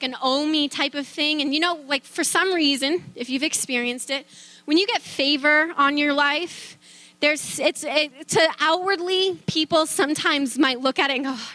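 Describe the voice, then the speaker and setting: Bright, chatty woman sharing her faith story. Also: high voice, no echo. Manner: chatty, lots of fillers and restarts, laughs easily. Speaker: speaker sharing a faith testimony. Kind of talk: casual personal testimony.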